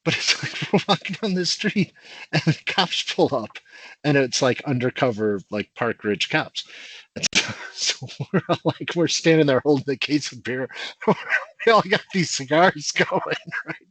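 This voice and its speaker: Man, middle-aged, husky voice, dry close sound, animated storyteller, podcast guest. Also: a little high, a little slow, dry recording, poor audio. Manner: animated anecdote teller who laughs through his story. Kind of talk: casual storytelling among old friends.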